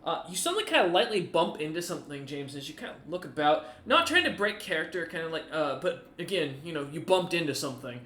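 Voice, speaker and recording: Male tabletop game master, a touch high, loose and rambling, recorded in a roomy space. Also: big pitch swings, fast talker, hardly any pauses, bright, forceful tone. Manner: rambling, with many fillers and restarts.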